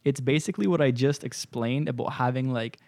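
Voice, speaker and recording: A man's voice: medium pitch, fairly quick, vocal fry, darkish tone, no room sound. A young man from Canada hosting a podcast, telling a long story in casual chat, swearing freely, laughing often and acting out what people said. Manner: swears a lot, laughs often, acts out quotes. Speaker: podcast host.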